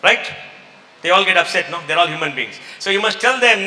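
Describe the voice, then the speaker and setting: A man's voice: high-pitched, expressive, brisk, bright, forceful tone. A man with an Indian English accent giving an emphatic, rhetorical motivational talk to an audience and taking questions. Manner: emphatic, rhetorical, mixes in Hindi phrases. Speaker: guest speaker. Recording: echoey hall.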